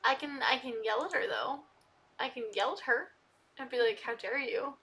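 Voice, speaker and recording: A young woman talks her way through a life-sim game, chatting to her characters and flaring into loud indignation. Her voice is bright and sits a little high. Soft keyboard and mouse clicks tick along behind her. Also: expressive, moderate pace. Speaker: gaming video creator. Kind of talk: casual gameplay commentary.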